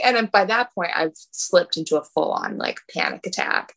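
A woman's voice: mid-range voice, fairly quick, vocal fry, low-quality recording. A young woman telling a personal story in casual chat, laughing often and acting out what people said. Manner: animated, laughing, acts out quotes.

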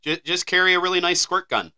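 Male podcast co-host, laid-back joker with a very bright, smooth voice. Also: high-pitched, animated, fast. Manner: laid-back, joking asides. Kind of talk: casual podcast chat.

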